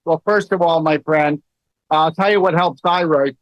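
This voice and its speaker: Middle-aged guy rambling thru stories, lotsa ums, kinda high voice, flat dead-dry lo-fi audio. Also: normal speed, dry recording. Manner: storytelling, many fillers, rising into animated quoted lines. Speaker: host. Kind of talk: casual livestream talk. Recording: dull, dry lo-fi sound.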